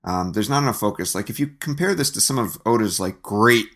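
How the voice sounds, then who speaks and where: A man on a podcast giving a measured, critical take on a comic panel in a casual way. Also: lowish voice, animated, a bit bright.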